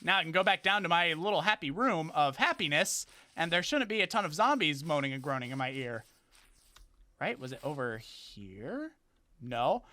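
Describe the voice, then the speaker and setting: A gaming streamer talking casually through his game, excitable, narrating his moves and shouting at the enemies. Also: on the high side, moderate pace. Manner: excitable, talks to game enemies, frequent exclamations. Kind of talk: casual let's play commentary.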